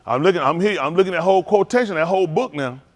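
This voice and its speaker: A man's voice: high voice, quick pace. A man giving a humorous sermon, joking, laughing often and calling out to the congregation. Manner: joking, laughing often, call-and-response with the audience; colloquial and rambling, with many restarts. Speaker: preacher addressing a congregation.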